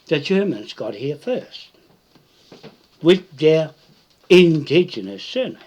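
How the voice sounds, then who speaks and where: New man, husky and unhurried, swooping pitch, repetitive confrontational live-video rant. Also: big pitch swings, darkish tone, muffled recording. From New Zealand. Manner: repetitive, confrontational, tag questions like "Hmm?". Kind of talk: rambling live-stream monologue.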